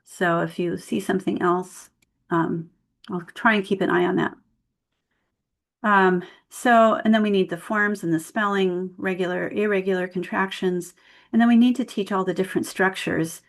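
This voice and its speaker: A woman's voice: mid-range voice, steady tone, moderate pace, gravelly. A woman leading an online workshop for tutors, explaining grammar with spoken example sentences over a video call mic. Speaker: tutor trainer.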